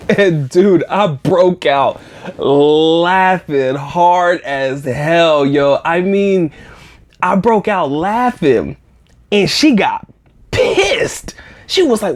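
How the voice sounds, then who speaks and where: Give me a man telling a storytime vlog, animated and full of slang and cussing. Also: high-pitched, unhurried. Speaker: vlog host.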